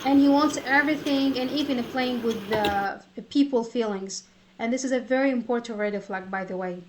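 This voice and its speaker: A woman, an English teacher, hosting an online group discussion over a video call, chatty, with quick asides and loose grammar. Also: a little high, noisy background.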